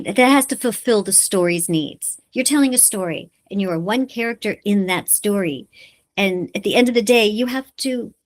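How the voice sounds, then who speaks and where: A middle-aged woman voice actor, chatting in an interview as a lively storyteller who laughs often. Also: mid-range voice. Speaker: voice actor guest. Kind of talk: casual interview chat.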